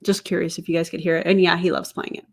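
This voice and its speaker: A woman's voice: fairly low pitch, little pitch movement, quick pace, vocal fry, husky. A woman commenting sarcastically on a video clip in a casual reaction style. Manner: sarcastic, incredulous.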